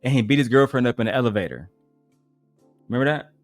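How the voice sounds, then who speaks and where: A man's voice: mid-range voice, expressive, quick pace, no echo, faint music behind. A man hosting a reaction livestream, talking in a blunt, profane, ranting way. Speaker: livestream host. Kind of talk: casual reaction stream chat.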